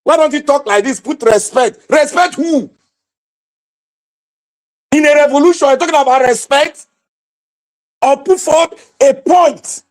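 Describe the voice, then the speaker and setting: A Nigerian man with a very high-pitched voice hosts impassioned political commentary. He preaches to and exhorts his viewers with fiery, repetitive delivery.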